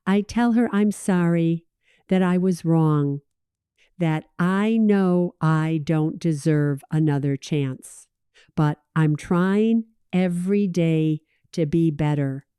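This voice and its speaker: A woman's voice: sits low, slow pace, dark tone, smooth, dry recording, studio quality. A woman voicing a regretful mother recovering from an overdose, talking in a shaky, ashamed way.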